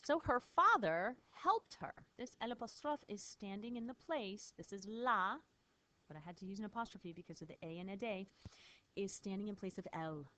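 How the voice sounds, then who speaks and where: A woman's voice: medium pitch, animated, normal speed, bright, forceful tone. A woman teacher patiently explaining French phrases in a recorded lesson, spelling words out.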